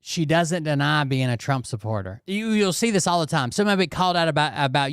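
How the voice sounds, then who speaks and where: A man's voice: a little high, animated, fast talker, few pauses, fairly bright tone, clear, resonant tone, no echo, studio quality. A man ranting through casual commentary, swearing often and tagging his points with "okay?" and "blah, blah, blah.". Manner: profane, repeats "okay?" and "blah, blah, blah". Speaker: commentary channel host.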